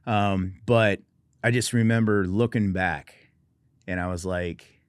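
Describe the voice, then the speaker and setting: Deep, steady, and resonant, this middle-aged Oregon veteran speaks slowly and clearly while telling his own story as a guest, wryly understated and self-deprecating. The studio sound is clean with no echo.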